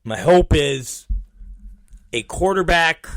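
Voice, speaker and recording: A man in his fifties hosting a podcast, telling rambling, profane stories in a casual, animated way. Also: fairly high pitch, slow pace, no echo. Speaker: podcast host. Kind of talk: casual storytelling monologue.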